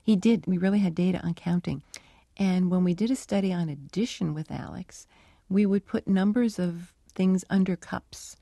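Gravelly-voiced woman researcher. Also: fairly low pitch, normal speed, dry recording. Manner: animated storytelling, acts out dialogue. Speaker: animal cognition researcher. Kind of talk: interview answers.

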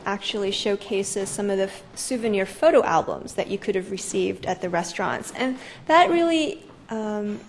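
A woman's voice: medium pitch, darkish tone. A woman guide explaining exhibits in an interview, thoughtful and hesitant with fillers.

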